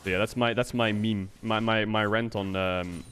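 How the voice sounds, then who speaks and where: A man's voice: on the low side, fairly even intonation, moderate pace, fairly bright tone, a little hiss or hum. Man, streamer, casual rant, conversational, checks in with "right?", swears casually. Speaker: streamer and game analyst.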